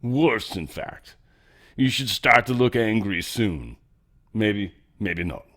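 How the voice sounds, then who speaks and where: A man's voice: on the low side, animated, slow pace, fairly bright tone. A man hosting a casual news commentary show, rambling through stories with joking asides and loose tangents. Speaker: host.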